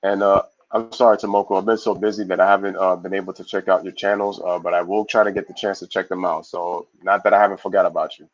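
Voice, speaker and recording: A man hosting a casual live sports stream, reading viewer comments aloud and giving shout-outs in a loose, slangy way. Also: low voice, quick pace, few pauses, highs cut off. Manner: loose, slangy, animated opinions.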